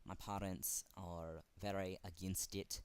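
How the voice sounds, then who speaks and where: A man with a German accent speaking earnestly to camera in a fan tribute, halting and pausing often. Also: low-pitched, flat delivery, clear, resonant tone. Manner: earnest, halting, with frequent pauses. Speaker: fan vlogger.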